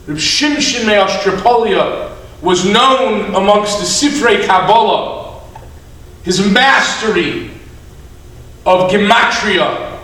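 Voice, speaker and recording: A man, a rabbi, preaching a sermon with stories, animated and drawn out for emphasis, recorded in a synagogue. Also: high-pitched. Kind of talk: sermon with storytelling. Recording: echoey hall, mic at a distance.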